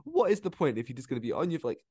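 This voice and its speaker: A man co-hosting a casual film review podcast, chatty and quick to laugh, often restarting his sentences. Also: on the high side, big pitch swings, a little mellow, husky, no room sound, clean studio sound. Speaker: podcast co-host.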